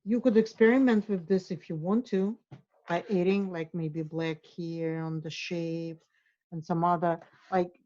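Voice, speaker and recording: A woman's voice: on the low side, mellow, muffled recording. Encouraging woman teaching a drawing lesson. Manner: encouraging, drawing while she talks. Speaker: art instructor.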